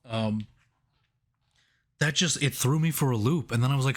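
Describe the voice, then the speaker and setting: A man co-hosting a casual movie review podcast, laughing often and restarting his sentences as he thinks out loud. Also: mid-range voice, moderate pace, pauses often. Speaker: podcast co-host.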